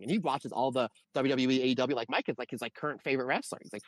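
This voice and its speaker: A man co-hosting a wrestling review podcast, talking in an animated, exasperated rant. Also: mid-range voice, racing, few pauses, no echo. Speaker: podcast co-host. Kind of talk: casual wrestling review chat.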